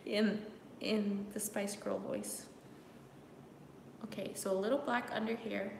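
A woman's voice: fairly even intonation, slow, vocal fry, long pauses, darkish tone, a little hiss or hum. A woman chatting playfully through a makeup tutorial, teasing viewers and slipping in. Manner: playful, teasing, bursts into laughter and high sing-song bits. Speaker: makeup vlogger. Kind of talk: casual makeup tutorial chat with live comments. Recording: echoey room with long reverb.

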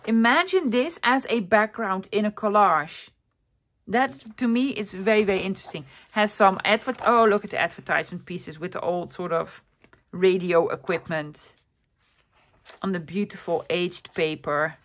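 A woman's voice: mid-range voice, normal speed, fairly bright tone. A woman chatting through a show-and-tell of her vintage finds. She sounds enthusiastic and rambles a little, full of ums, restarts and little exclamations, with a mid-range voice. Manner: enthusiastic, rambling, with many fillers and self-corrections. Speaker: vlogger showing a thrift haul.

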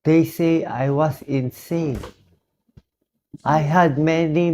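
A Filipino doctor with a hoarse, weakened voice, talking slowly and earnestly in short, halting phrases in a personal video monologue. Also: male voice, on the high side, warm tone. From Philippines.

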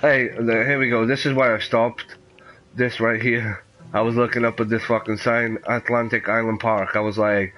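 A man commentating while playing a horror game, cursing freely and reacting loudly. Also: mid-range voice, moderate pace, rough recording. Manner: profane, animated, reacts loudly. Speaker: gameplay commentator. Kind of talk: let's play commentary.

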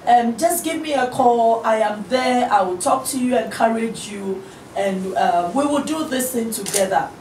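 A middle-aged woman minister talks to an interviewer in an earnest, encouraging way. Her voice sits fairly high. The audio is roomy and picked up from a distant mic. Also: normal speed, darkish tone, a little hiss or hum. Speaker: guest minister.

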